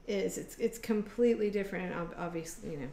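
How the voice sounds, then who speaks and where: A woman's voice: mid-range voice, brisk, gravelly, mellow, echoey room, a little hiss or hum. A woman from Michigan hosting a casual chat over a video call, rambling with many fillers. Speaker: host.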